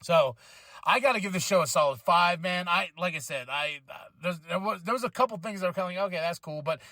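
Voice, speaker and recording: A man with a high, bright voice reviews a wrestling show on his podcast in an excitable, casual way. He swears freely and laughs often. The recording is dry and close. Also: fast, no room sound. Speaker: podcast host.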